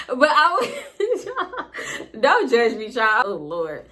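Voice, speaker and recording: A young woman telling a personal story to camera in a casual, animated way, laughing often and dropping into hushed asides, in African American Vernacular English. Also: on the high side, slow pace. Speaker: storytime vlogger.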